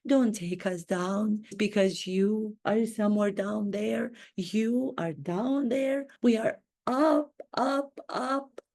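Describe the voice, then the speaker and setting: A woman putting on a vain, self-pitying duchess in a satirical impression, speaking slowly and theatrically. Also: mid-range voice, a little mellow. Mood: haughty. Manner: slow, grandiose, theatrical delivery with drawn-out words. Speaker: acting coach.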